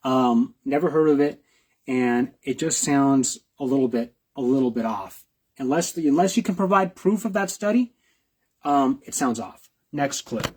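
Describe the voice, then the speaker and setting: A man's voice: medium pitch, normal speed, darkish tone, slightly rough. A man, a video blogger, giving reaction commentary, repeating himself with rhetorical questions and restarts.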